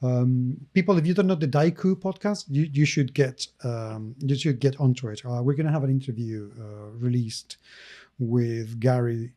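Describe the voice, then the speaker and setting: A man's voice: mid-range voice, mellow. A man co-hosting a tabletop gaming podcast, talking sarcastically and often breaking into laughter. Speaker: podcast co-host. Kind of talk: casual podcast chat.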